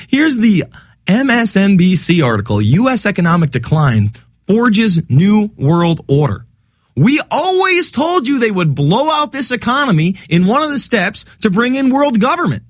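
A man hosting a talk radio show, delivering an animated, sarcastic monologue. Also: high voice, no room sound, studio quality. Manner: animated, sarcastic, mocking quoted voices.

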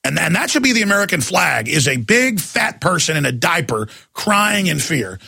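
A man's voice: fairly high pitch, very animated, normal speed, vocal fry, bright, forceful tone, husky, no echo, studio quality. A man hosting a talk radio show, ranting in a mocking, grotesque way and laughing often. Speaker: radio host taking calls.

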